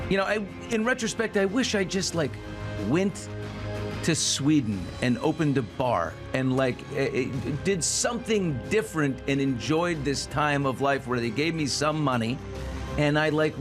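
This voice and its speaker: A middle-aged man speaking candidly as an interview guest, halting and frank with bursts of emphasis. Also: fairly high pitch.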